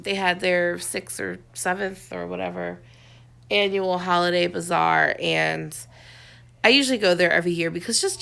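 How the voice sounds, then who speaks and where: A woman's voice: on the low side, vocal fry, pushed and bright. A woman in her thirties chatting casually and venting, recorded at home in a dim room. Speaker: vlogger. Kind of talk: casual chat.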